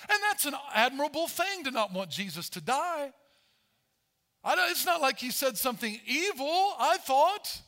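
A man preaching a sermon as pastor, animated, acting out Bible voices as he tells the story. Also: very high-pitched, normal speed.

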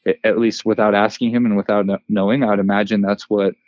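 A man in his thirties, a former player and coach, chatting on a podcast in an even-keeled, relaxed way with lots of fillers. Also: on the low side, fast talker, no echo, highs cut off. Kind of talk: casual podcast chat.

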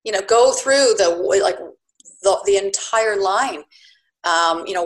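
A woman in her fifties, a guest on an interview podcast, talking in a chatty, animated way with many fillers. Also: mid-range voice, a little slow. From Canada. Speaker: guest, bed and breakfast owner.

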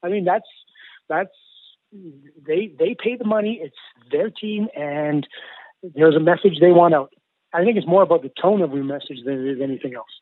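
A man's voice: a little high, normal speed, no echo. A man, a former hockey coach turned broadcaster, telling stories in a radio interview with lots of repeated words and acted-out dialogue. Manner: animated storyteller, repeats words, acts out quoted dialogue. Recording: tinny phone line, dry.

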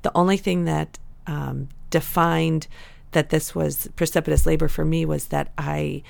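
A woman's voice: low voice, steady tone, measured pace, vocal fry, no echo. A woman in her thirties, a podcast guest, chatting casually and telling her story with many fillers. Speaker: guest sharing birth story.

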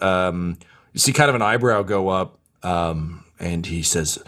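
Game master, male, low voice, halting narration full of fillers. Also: a bit bright. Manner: hesitant, many fillers.

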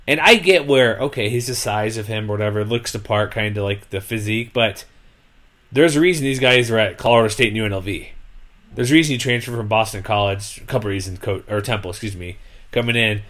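A man hosting a casual sports talk show, rambling and animated, often exasperated, with lots of fillers. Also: fairly low pitch, quick pace. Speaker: sports podcast host.

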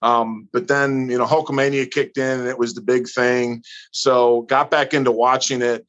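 A man from northern Missouri, a guest in a casual chat, telling stories in an animated way. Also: mid-range voice, moderate pace, muffled recording. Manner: animated storyteller who acts out quotes.

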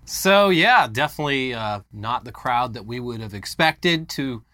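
A man's voice: medium pitch, expressive, moderate pace, pushed and bright. A man co-hosting a tech news show, explaining stories with sarcastic quips. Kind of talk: casual tech news banter.

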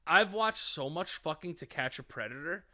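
A man with a bright, high voice and very lively pitch co-hosts a podcast, trading crude jokes and laughing often. His talk is animated and loose. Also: normal speed. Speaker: podcast co-host. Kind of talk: casual comedic chat.

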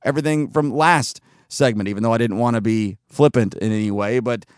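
A male podcast host chatting casually, rambling and trailing off into fillers with easy laughs. His voice is smooth and resonant at a middle pitch. The sound is close and dry. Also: a little fast, no echo. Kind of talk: casual chat.

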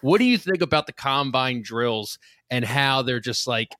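Male host with a Northeastern US accent, mid-pitched and conversational, jokey delivery, close dry sound. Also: animated, moderate pace, pushed and bright, no echo. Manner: joking, conversational. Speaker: podcast host. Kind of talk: casual podcast chat.

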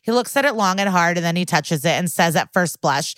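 A woman's voice: on the low side, animated, brisk, few pauses, fairly bright tone, no echo. A woman co-hosting a podcast, animatedly retelling a TV episode and acting out the quotes in a casual chat. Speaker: podcast co-host.

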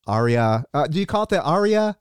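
Lively, chatty male interviewer. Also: on the high side, a little fast, clear, resonant tone, dry recording. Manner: chatty, laughs often. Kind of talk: casual interview chat.

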